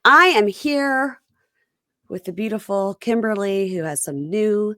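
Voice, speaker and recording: A woman's voice: mid-range voice, unhurried, sharp tone, dry recording, studio quality. A middle-aged woman hosting a podcast in casual chat, laughing often. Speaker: podcast host.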